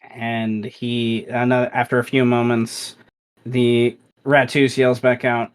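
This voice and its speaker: Slow-talking man running a tabletop game. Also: medium pitch, flat delivery, clean tone, rough recording. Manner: loose, halting narration with many fillers. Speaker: game master.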